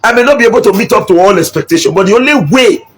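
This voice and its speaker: Nigerian man, middle-aged, husky high voice, fiery political speech, switches between Pidgin and English. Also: rapid-fire, fairly bright tone. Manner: impassioned, mixes Pidgin and English, repeats for emphasis. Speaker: local politician.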